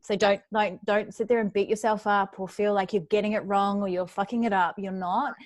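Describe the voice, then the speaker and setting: Woman host, mid-pitched, direct and encouraging toward the audience. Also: steady tone, a little fast. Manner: encouraging, direct, addresses the viewers. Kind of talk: casual conversation.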